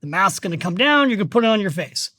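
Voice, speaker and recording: A middle-aged man, a guest on a podcast interview, who talks about money in an emphatic, energetic way and tells stories as he goes. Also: high-pitched, quick pace, dry recording, clean studio sound. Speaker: guest, financial author.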